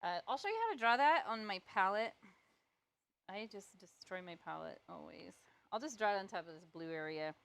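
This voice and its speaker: A woman's voice: mid-range voice, animated, fairly quick, vocal fry, a bit bright. A woman giving a step-by-step painting tutorial, chatty, playful and self-deprecating as she works. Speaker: painting instructor. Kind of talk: step-by-step live art tutorial.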